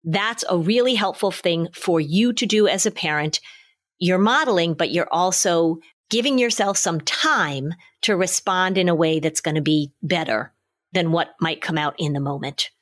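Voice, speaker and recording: Middle-aged woman, podcast host, lowish voice, calm practical parenting advice, casual chat. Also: moderate pace.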